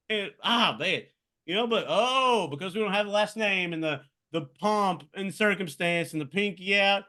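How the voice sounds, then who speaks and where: A man's voice: sits high, normal speed, bright, forceful tone. A man in his thirties, a podcast co-host, ranting in heated, profane casual chat.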